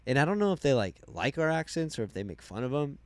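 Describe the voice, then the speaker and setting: A young man from Arizona tells travel stories on a podcast in loose, profane chat. He jumps into loud, high quoted voices and then drops back into his middle-pitched talk. The sound is close and dry. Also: fast talker, no echo. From Arizona, United States. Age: young adult. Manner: animated storytelling, loud quoted voices, swearing. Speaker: podcast guest. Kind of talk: casual chat.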